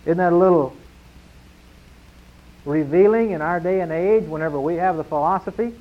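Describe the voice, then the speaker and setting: A man preaching a sermon to his congregation, emphatic, slowing down and falling quiet on key phrases. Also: high-pitched. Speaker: pastor. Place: church sanctuary. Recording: dull lo-fi sound.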